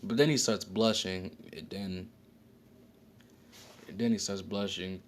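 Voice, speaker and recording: Casual storyteller, male, low voice, loose and rambling, slangy, faint background hiss. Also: steady tone, takes it slowly. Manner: rambling, slangy, frequent self-corrections and fillers.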